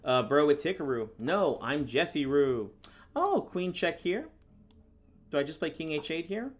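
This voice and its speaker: At a moderate pace and slightly high pitch, a man who streams chess and holds the National Master title commentates live as he plays. His manner is relaxed and dryly sarcastic, and he reads out chat questions before responding.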